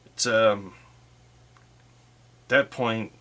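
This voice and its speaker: Man, solo tabletop game narrator, low voice, very slow, thinking aloud. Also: fairly even intonation, a bit bright. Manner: thinking aloud, unhurried, with fillers.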